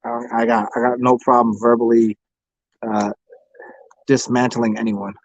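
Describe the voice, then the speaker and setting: A man's voice: mid-range voice, flat delivery, unhurried, dry recording, muffled recording. An American man hosting a casual tarot livestream, rambling and crude, taunting the people who join. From United States. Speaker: livestream host reading tarot.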